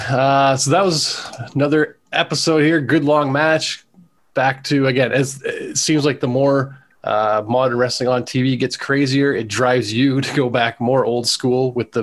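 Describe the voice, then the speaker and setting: A man hosts a wrestling podcast and chats in a relaxed, easygoing way. His voice sits at a middle pitch. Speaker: podcast host. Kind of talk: casual podcast chat.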